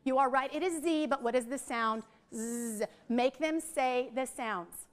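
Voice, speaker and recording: A middle-aged woman, leading a lively, chatty teacher training workshop for a group in a training room. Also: sits high, normal speed, clean tone. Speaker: literacy trainer.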